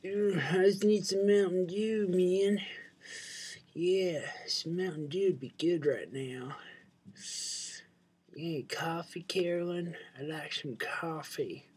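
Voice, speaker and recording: A man's voice: high voice, fairly even intonation, takes it slowly, a little mellow, slightly rough, pitched above the performer's own voice, full character voice. Young man impersonating his drawling middle-aged uncle. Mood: craving. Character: fussy middle-aged uncle craving soda and coffee.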